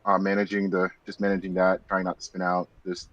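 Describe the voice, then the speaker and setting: A man, a sim racing driver, answering post-race questions in a relaxed, polite way with hesitant fillers. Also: low-pitched, a little fast, lo-fi sound, a little hiss or hum. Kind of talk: casual post-race interview.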